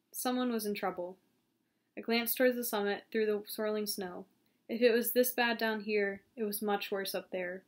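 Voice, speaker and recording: A woman reading a novel aloud, steady and calm, now and then stumbling and restarting a phrase. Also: mid-range voice. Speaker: audiobook reader.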